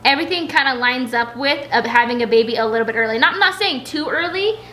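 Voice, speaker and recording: Pregnant woman vlogging from home, high bright voice, rambly with lots of "like". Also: lively intonation, fast talker, slight background noise. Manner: chatty and rambling, many "like"s. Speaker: vlogger answering viewer questions. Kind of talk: casual Q&A chat.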